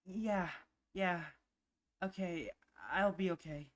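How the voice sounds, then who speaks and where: A woman's voice: fairly low pitch, takes it slowly. Leo, a woman voicing a shy furry guy. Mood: shaky. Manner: quiet, hesitant, apologetic. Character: shaken, shy young male furry protagonist. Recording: music playing underneath.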